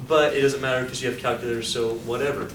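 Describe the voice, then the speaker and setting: A man's voice: medium pitch, fairly even intonation, fast talker. Guy lecturing a class, keeps asking questions, sounds far off in an echoey room with noise behind him. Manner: upbeat, quizzes the class and coaxes answers. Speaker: statistics lecturer. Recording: echoey room, distant mic, background noise.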